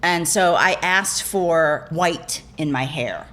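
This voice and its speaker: Low-voiced woman telling rambling stories. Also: slow pace, a bit bright. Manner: rambling, self-correcting, laughing storyteller. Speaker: actor guest. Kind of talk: casual interview chat.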